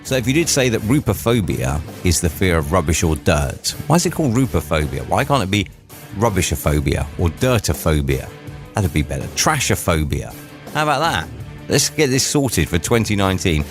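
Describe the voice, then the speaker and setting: A man hosts a drivetime radio show with a deep, low voice. He chats casually and tosses in jokey asides between items. Faint music plays underneath. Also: sing-song, normal speed.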